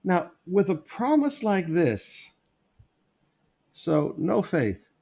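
A man's voice: high voice, very animated, very slow, vocal fry, dark tone, husky. A man preaching a sermon, repeating key phrases for emphasis as he reads and explains scripture.

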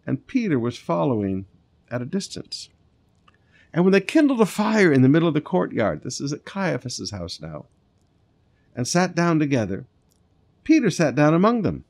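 A man, a pastor reading scripture and preaching in a conversational way, with lively asides and soft, earnest appeals. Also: on the high side, moderate pace, gravelly, pauses often.

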